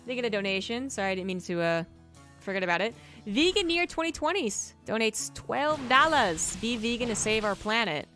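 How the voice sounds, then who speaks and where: A woman's voice: fairly high pitch, sing-song, moderate pace, pushed and bright. An American woman giving casual live game commentary as a caster, rambling and correcting herself as she goes. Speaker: esports caster. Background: music.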